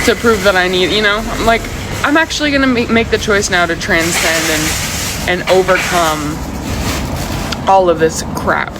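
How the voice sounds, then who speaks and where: A woman tells a casual story in a lowish voice, animated and swearing freely. Traffic and outdoor noise carry clearly behind her. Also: normal speed. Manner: animated, swearing, mimics others with high voices. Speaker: social media poster.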